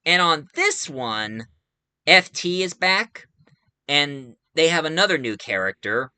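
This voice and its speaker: A man talks through a film review in a loose, rambling way, often pausing on filler sounds. His voice is bright and crisp, and the recording is dry and close. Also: fairly high pitch, sing-song, dry recording. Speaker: movie reviewer. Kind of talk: casual spoken film review.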